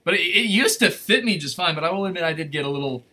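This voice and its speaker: A man hosting a casual livestream from his desk, rambling and correcting himself as he chats, his voice going slightly hoarse. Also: high voice, lively intonation, fast, sharp tone. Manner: rambling, chatty, self-correcting. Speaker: livestream host. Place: at a desk in a room.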